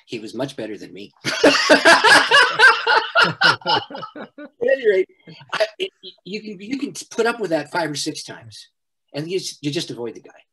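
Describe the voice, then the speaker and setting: A middle-aged man, a pastor, telling a personal story in an interview, animated and often laughing. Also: a little high, a little fast, husky. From Canada.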